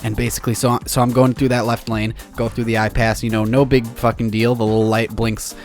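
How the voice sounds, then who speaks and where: A man's voice: mid-range voice, little pitch movement, a little fast, soft background music. A young man from Illinois telling a profane, exasperated rant full of rambling restarts. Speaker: vlogger. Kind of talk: ranting storytime vlog.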